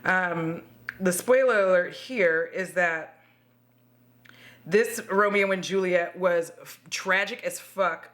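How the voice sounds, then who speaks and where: A woman's voice: on the low side, takes it slowly, a bit bright. A woman vlogging at home, chatting expressively while doing her makeup and swearing freely. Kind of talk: casual chat to camera.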